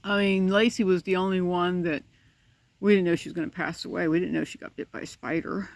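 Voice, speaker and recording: A woman talking casually to the camera beside her dog's pen, tearful and grieving, speaking haltingly with many pauses and restarts. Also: on the low side, fairly even intonation, no room sound. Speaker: pet owner vlogger. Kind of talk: casual personal vlog.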